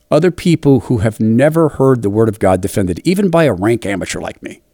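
Male commentator, mid-range voice, measured emphatic delivery, dry close sound. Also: medium pitch, darkish tone, dry recording. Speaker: political commentator. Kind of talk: opinionated monologue commentary.

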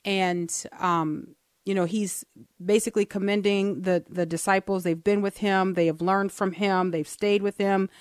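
A woman co-hosting a Christian talk show, earnestly teaching from the Bible and slowing down to read verses aloud. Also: medium pitch, fairly even intonation, clear, resonant tone, no room sound, clean studio sound. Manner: earnest, explains step by step, slows down to read verses.

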